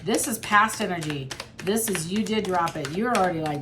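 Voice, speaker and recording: Woman tarot reader, low voice, blunt and chatty, faint background hiss. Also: brisk. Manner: chatty, blunt, mildly profane. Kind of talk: casual tarot reading.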